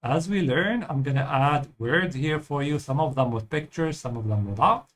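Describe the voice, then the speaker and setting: Patient male language teacher. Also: mid-range voice. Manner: patient, explanatory, ends points with a checking "yeah?". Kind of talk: explanatory lesson over gameplay.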